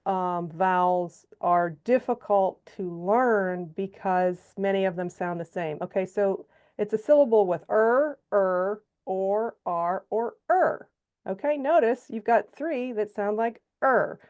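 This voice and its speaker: A woman giving a phonics lesson to teachers, sounding out syllables slowly and checking in with frequent okays. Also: medium pitch, darkish tone, lo-fi sound. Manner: explains step by step, checks in with frequent okays and all rights; sounds out syllables slowly and stretches example words. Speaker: reading teacher trainer. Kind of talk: instructional presentation.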